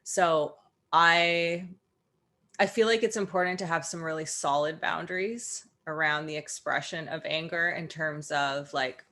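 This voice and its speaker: A woman co-hosting a casual conversation, speaking in a measured, earnest way. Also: low-pitched, sharp tone. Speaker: co-host.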